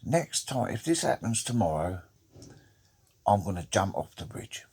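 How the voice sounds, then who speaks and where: A man's voice: low voice, very animated, a little slow, a little mellow, slightly rough, heavily acted. A man voicing an English builder complaining about his lunch. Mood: grumbling.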